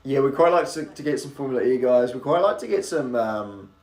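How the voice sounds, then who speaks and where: A New Zealand man with a faint accent, mostly anglicized toward British, gives chatty live race commentary packed with rambling asides. His medium-pitched voice is expressive, brisk and a little mellow. The room sounds echoey.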